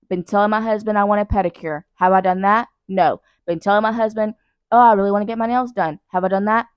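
Young mom podcaster rambling on the couch at night, swears a lot, makes fun of herself, mid pitch, dry sound. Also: female voice, no room sound. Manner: blunt, profane, rambling and self-mocking. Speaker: podcast host. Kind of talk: casual solo podcast chat. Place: living room couch at night.

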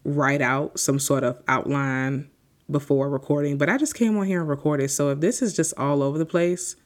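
A woman in her twenties hosts a solo podcast, reflecting unscripted in a rambling, heartfelt and grateful way. Her voice is deep and her pace moderate.

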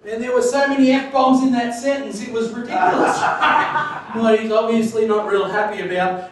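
A man preaching a sermon, telling a story with laughter and swinging between loud bursts and hushed moments. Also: very high-pitched, steady tone, moderate pace, heavy reverb, far from the mic, noisy background. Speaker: pastor.

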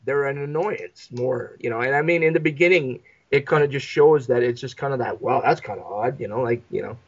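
A man's voice: mid-range voice, fairly quick, dull audio. A man co-hosting a casual movie podcast, swearing freely and acting out characters in quoted voices. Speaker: podcast co-host.

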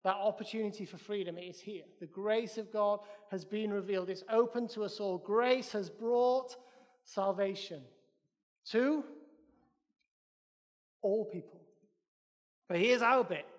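A man's voice: high voice, in a large hall. A Welsh man preaching a sermon in a church, emphatic and repeating his phrases in threes.

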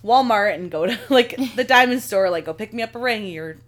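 A woman's voice: medium pitch, a little fast. Chatty young woman telling a story. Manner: animated storytelling, says "like" a lot. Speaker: podcast co-host. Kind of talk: casual chat.

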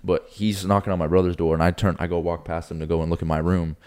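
Low-voiced young man telling a story. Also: fast talker. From Florida. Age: 20s. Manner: animated storyteller, acts out quotes, swears, laughs. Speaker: podcast co-host. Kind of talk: casual chat.

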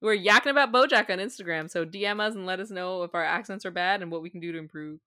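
Woman cohosting a chatty podcast, kinda low voice, bright tone, lots of "like"s. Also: quick pace, no echo, studio quality. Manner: chatty, thinks aloud with many fillers. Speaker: podcast co-host. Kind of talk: casual chat.

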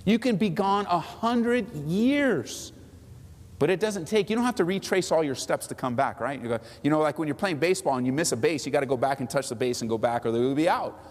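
A middle-aged man preaches a sermon, his fairly high voice climbing on the big lines and sinking low for the tender asides. The sound carries a long hall reverb, like a sanctuary. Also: lively intonation, fairly quick. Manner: impassioned preaching, swinging between soaring high phrases and low quiet asides. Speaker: pastor.

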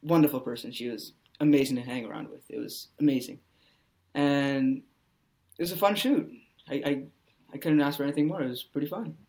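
A man's voice: mid-range voice, a little fast, a little mellow. A man, an actor appearing as a podcast guest, speaking casually and rambling with lots of "you know" fillers.

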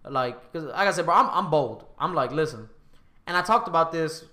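A man's voice: a little high, animated, moderate pace, sharp tone, roomy sound. A man with a Southern US accent, hosting a podcast, talking casually in a bold, emphatic, profane way. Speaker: podcast host. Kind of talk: casual chat.

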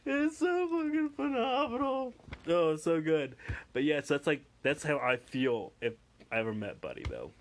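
A man chatting casually with a friend, tossing out swear words and breaking into excited impressions as he tells stories. He talks like a tattoo artist among friends, loose and profane, in a middle-pitched voice. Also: moderate pace. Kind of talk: casual chat.

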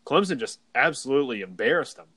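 A man's voice: medium pitch, big pitch swings, fast, fairly bright tone, no echo. Rambling young male podcast host. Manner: rambling, many fillers. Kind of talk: casual podcast chat.

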